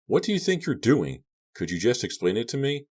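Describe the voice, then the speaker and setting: A man voicing a panicked teenage boy tied to a chair in an audiobook, shouting and pleading. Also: medium pitch, sing-song, brisk, pitched above the performer's own voice. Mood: frantic, shouting. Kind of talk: audiobook character voice.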